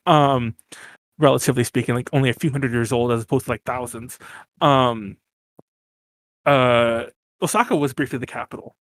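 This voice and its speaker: A man's voice: medium pitch, moderate pace, long pauses, dry recording, studio quality. A man co-hosting a podcast in casual chat, rambling with many fillers and restarts and laughing often. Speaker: podcast co-host.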